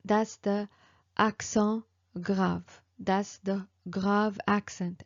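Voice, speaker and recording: Slow, patient woman teaching pronunciation. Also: mid-range voice, flat delivery, lo-fi sound. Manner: slow and patient, with many fillers and repeated examples. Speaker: French teacher. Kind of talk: online language lesson.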